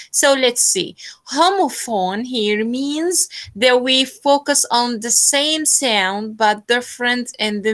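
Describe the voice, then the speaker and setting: Slow bright-voiced woman teacher. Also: on the high side. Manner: slow, patient, repeats words to model pronunciation. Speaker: phonetics teacher. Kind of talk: online class lecture.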